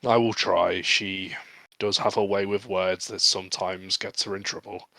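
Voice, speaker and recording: Man, low voice, bright and dry, halting in-character orc role-play. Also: fairly even intonation, vocal fry, no room sound, poor audio. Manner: halting, earnest delivery with frequent laughter. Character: earnest male orc, proud and restless. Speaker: player.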